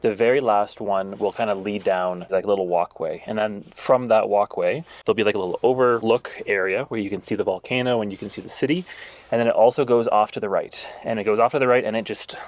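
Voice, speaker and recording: A man chatting in a travel vlog, explaining practical tips outdoors, slightly out of breath at high altitude. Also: fairly even intonation, fast talker. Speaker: travel vlogger. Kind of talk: casual travel vlog chat. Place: outdoors on a volcano lookout.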